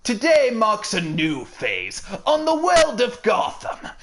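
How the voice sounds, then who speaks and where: A woman voicing a manic, theatrical male clown villain who shouts and cackles. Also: on the high side, huge pitch swings, takes it slowly, voice pushed up, exaggerated voice.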